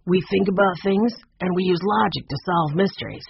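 A man voicing a polite, steady teenage boy in a storybook, with a husky voice. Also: high-pitched, normal speed, slight background noise. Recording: dull muffled recording.

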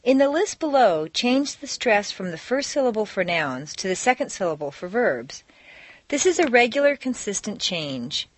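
A woman teacher reading a recorded pronunciation drill, saying word pairs slowly and precisely. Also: mid-range voice, big pitch swings, no room sound.

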